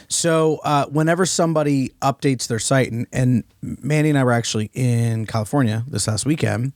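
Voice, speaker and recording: A man co-hosting a casual business podcast, his voice rough today, explaining things as he walks through a shared screen on a video call. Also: medium pitch, a little mellow, no room sound, studio quality. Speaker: podcast co-host.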